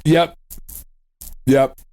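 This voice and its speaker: A man's voice: very slow, soft background music. A middle-aged man co-hosting a casual podcast, telling a story with lots of swearing, laughter and acted-out quotes. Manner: animated, swears a lot, laughs often, acts out quotes. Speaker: podcast co-host. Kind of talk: casual chat.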